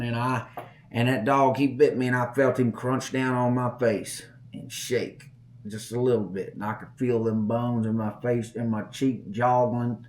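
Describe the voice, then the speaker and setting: A middle-aged man hosting a podcast, telling a story in a folksy way and acting out the voices. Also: medium pitch. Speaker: podcast host. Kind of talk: storytelling chat.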